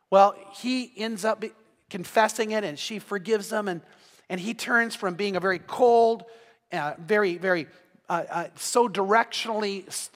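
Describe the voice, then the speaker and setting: A high-pitched middle-aged pastor tells stories from the pulpit in an earnest sermon. He often doubles words as he starts a thought. His voice rings with the long reverb of a large church hall. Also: a bit bright. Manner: storytelling, earnest, repeats words when starting sentences.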